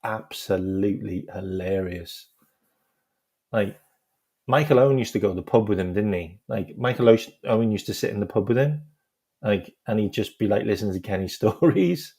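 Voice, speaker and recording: A man with a fairly low, warm, husky voice talks at a normal speed while hosting a football fan channel. His casual live-stream chat rambles along, packed with "like," and he laughs as he tells stories.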